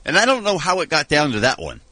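A man's voice: on the high side, huge pitch swings, fast, sharp tone, no room sound. Wry, rambling man on studio radio. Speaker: radio show regular. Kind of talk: casual radio chat.

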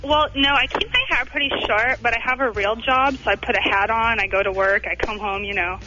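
A woman's voice: on the high side, a little fast, over music. A woman in her twenties calling a radio show, talking in a giggly valley-girl way. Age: 20s. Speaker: caller. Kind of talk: radio call-in chat. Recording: slightly dull radio broadcast.

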